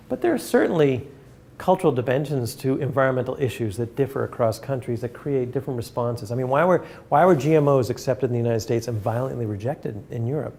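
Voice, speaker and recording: Earnest male lecturer, measured delivery. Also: mid-range voice, expressive, vocal fry, darkish tone. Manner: earnest, measured, with frequent restarts. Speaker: academic speaker. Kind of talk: lecture with questions.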